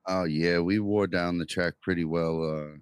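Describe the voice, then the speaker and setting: A man talks through his winning race, relaxed and stoked. His voice is low and deep, recorded close and dry with no room sound. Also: measured pace, clear, resonant tone, no echo. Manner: enthusiastic, relaxed. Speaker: sim racing driver, race winner. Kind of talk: post-race interview.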